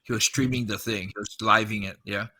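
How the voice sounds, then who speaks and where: A man's voice: on the low side, steady tone, fairly quick, bright, forceful tone. A man in his fifties on a podcast, casually recounting a story, acting out the quoted dialogue and swearing freely.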